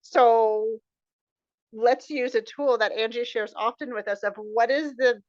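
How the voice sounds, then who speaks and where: A woman's voice: a little high, a little slow, no room sound, lo-fi sound. A woman co-hosting a podcast, responding in an affirming, reflective way. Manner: affirming, reflective, animated when quoting. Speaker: podcast co-host. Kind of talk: casual chat.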